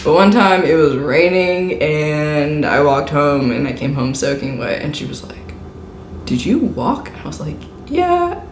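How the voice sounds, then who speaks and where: A woman's voice: low voice, steady tone, moderate pace. A young woman, a podcast guest, chatting casually and reacting with exclamations and laughs. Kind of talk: casual chat. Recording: echoey room with clear background noise.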